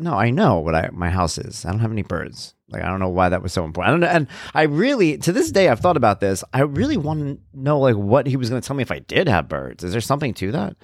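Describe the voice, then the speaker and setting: A man with a lowish voice tells personal family stories in a casual, unscripted way. His pitch swings widely as he acts out the people he quotes, and the recording sounds dry and close with no room echo. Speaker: father sharing personal stories.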